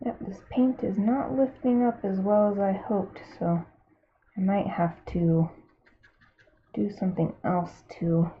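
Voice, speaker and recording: A woman painting on a live stream and thinking aloud in a casual, unhurried way, often trailing off mid-thought. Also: mid-range voice, steady tone, a little hiss or hum. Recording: thin phone-like sound.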